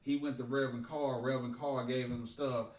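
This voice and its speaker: A man telling a profane, animated story in casual podcast chat. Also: medium pitch, fairly quick. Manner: animated, profane, emphatic retelling. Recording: roomy and distant from the mic.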